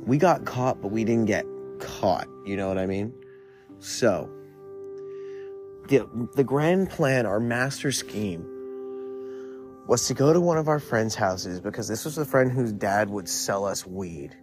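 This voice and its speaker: A young man in his twenties with a lowish voice tells a personal story in a laid-back, rambling way. He swears freely and leans on fillers. Soft guitar music plays faintly behind him. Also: animated, slow pace, long pauses. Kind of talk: casual storytelling.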